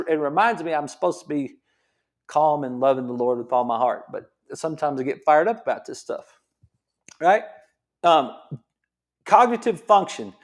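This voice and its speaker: Fired-up man, high-pitched, coaching-style health talk, repeats lines for emphasis. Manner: excited, repeats himself, uses football coaching comparisons. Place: his gym.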